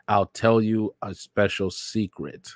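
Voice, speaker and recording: A man casually reading the lines of a smooth-talking, falsely kind male ninja teacher from a manga. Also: on the low side, fairly even intonation, slow pace, no room sound. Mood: soothing. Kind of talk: casual manga read-aloud.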